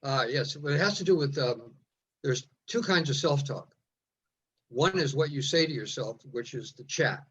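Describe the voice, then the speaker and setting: A man asking a question on a video call, halting and searching for words. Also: mid-range voice, animated, a bit bright, a little hiss or hum. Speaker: caller. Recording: dull lo-fi call audio.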